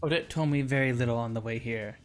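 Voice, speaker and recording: Man reading a young woman narrating, steady mid voice, visual novel. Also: medium pitch, fast, faint music behind, close to an everyday voice. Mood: calm. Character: young female protagonist narrating.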